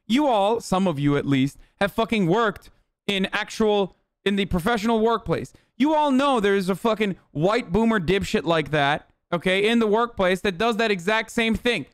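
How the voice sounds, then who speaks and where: A man's voice: high voice, animated, moderate pace, smooth, no echo, studio quality. Ranting, profane young male streamer. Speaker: streamer reacting to a political rally. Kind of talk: casual reaction commentary.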